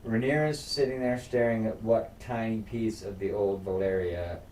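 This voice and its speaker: Deep, mellow man recapping a show, swearing freely. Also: normal speed. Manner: profane, animated episode recap. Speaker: podcast co-host. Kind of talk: casual chat. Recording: roomy room, far from mic, faint noise.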